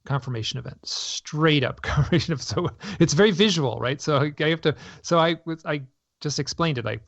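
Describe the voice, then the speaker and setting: A man speaking with a gravelly, creaky voice, telling his story at length and often breaking off mid-sentence to restart. The audio is dry and slightly dull, like a lo-fi radio broadcast. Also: a little high, a little fast, no room sound. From North America. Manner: rambling, self-interrupting, animated storytelling. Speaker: guest. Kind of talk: conversational interview storytelling.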